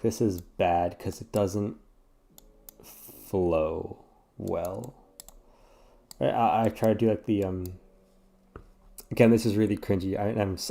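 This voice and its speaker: Sleepy gamer guy, gravelly and mellow, rambles and swears through casual chat. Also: on the low side. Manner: rambling and self-deprecating, swears often. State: yawning, sleepy. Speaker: gaming streamer. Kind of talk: casual chat while playing a puzzle game.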